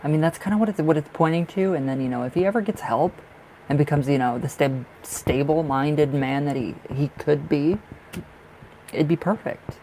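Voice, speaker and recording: Gravelly, rambling male tarot reader. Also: on the high side, moderate pace, darkish tone, a little hiss or hum, rough recording. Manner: rambling, emphatic, heavy on fillers; blunt, swears freely. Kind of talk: live-streamed tarot reading.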